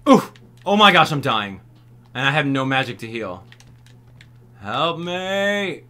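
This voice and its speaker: A man narrates his video game walkthrough and reacts with frequent exclamations. His voice is bright and forward, and his pitch swings widely. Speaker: gaming channel host.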